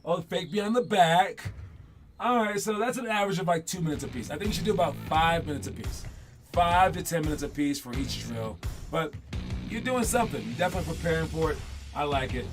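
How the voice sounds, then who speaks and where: Chatty coach over loud background music. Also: male voice, fairly high pitch, animated, fairly quick. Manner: chatty, rambling, jokey, breaks into song. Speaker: basketball coach teaching kids. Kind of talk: casual motivational classroom talk. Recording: music playing loudly underneath.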